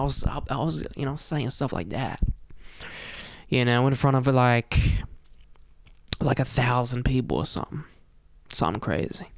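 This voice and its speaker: Young guy, casual vlog monologue, slangy and rambling, medium pitch, dry close sound. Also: smooth, dry recording. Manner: rambling slangy delivery full of "you know" and "dude". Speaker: vlogger.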